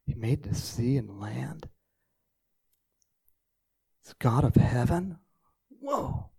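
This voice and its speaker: A man's voice: medium pitch, animated, slow, vocal fry, warm tone, breathy edge. A man preaching a casual sermon, telling stories and praying in a folksy, chatty way.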